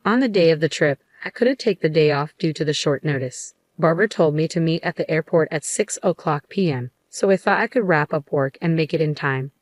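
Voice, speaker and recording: A woman reads a first-person story in a steady, matter-of-fact way. Her voice is low, and the recording is dry and close with no room sound. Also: a little fast, hardly any pauses, no echo. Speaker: story narrator. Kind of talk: scripted first-person narration.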